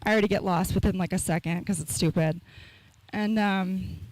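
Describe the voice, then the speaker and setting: A woman doing a stand-up set in a small live comedy room, rambling and deadpan, with self-mocking asides into a stage mic. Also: mid-range voice, moderate pace, dry recording, low-quality recording.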